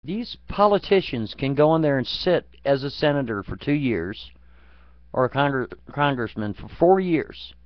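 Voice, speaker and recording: A man's voice: mid-range voice, expressive, a little slow, dry recording. A man in a profane, angry political rant, swearing constantly and talking crudely. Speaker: vlogger. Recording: dull lo-fi dry recording.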